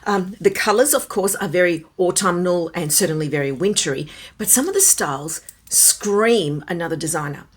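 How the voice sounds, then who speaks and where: Raspy, chatty woman with a cold. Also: fairly low pitch, moderate pace, few pauses. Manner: chatty, musing, wondering aloud. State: hoarse with a starting cold. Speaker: handbag reviewer. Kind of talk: casual vlog chat.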